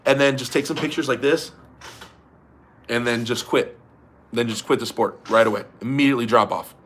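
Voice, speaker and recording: A man's voice: medium pitch, normal speed, fairly bright tone. Young guy on a livestream, chill and laughy, reading chat and cussing a bit. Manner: laid-back, laughs often, swears casually. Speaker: livestream host.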